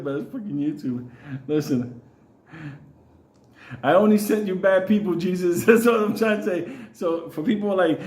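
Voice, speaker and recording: A man's voice: fairly high pitch, darkish tone. A middle-aged man hosting his own channel, telling rambling, profanity-heavy personal stories and often laughing. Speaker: channel host. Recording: echoey room.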